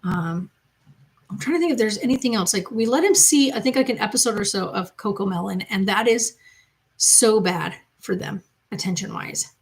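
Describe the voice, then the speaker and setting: A mother who runs her own channel chats from the loft of her home, rambling loosely as she answers viewer comments. She speaks at a moderate pace in a mid-range voice, and the recording quality is low.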